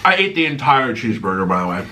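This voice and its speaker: A sing-song, fast, bright, and forceful male voice comes through a distant mic with a little hiss or hum. The speaker, in his thirties, casually eats on video at home and answers viewer questions in a sarcastic, theatrical way, his pitch swinging between highs and lows.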